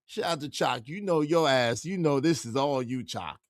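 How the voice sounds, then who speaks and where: A man's voice: mid-range voice, animated, normal speed, dry recording, clean studio sound. A man hosting a live stream, giving preachy, mocking reaction commentary as he talks back to a clip.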